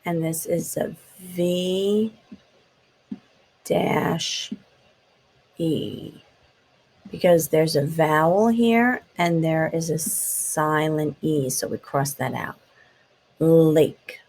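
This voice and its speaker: A woman teaching phonics to small children, drawing each sound out and walking them through the letters one step at a time. She speaks slowly in a low voice with a gravelly, husky edge. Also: darkish tone, low-quality recording. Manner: slow, sounds out letters and taps words. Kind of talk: phonics lesson for young children.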